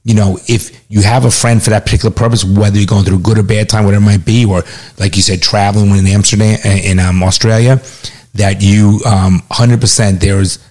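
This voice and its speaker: A middle-aged man co-hosting a casual chat, telling stories in a profane, animated way. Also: on the low side, brisk.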